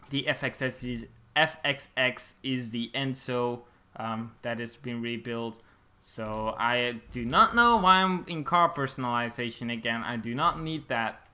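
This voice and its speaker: A man's voice: mid-range voice, sharp tone. A young man from Belgium with a Dutch-native accent, rambling and tripping over words while commentating on a racing game. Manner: rambling, stumbling over words, swearing casually. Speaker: gaming YouTuber. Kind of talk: gameplay commentary.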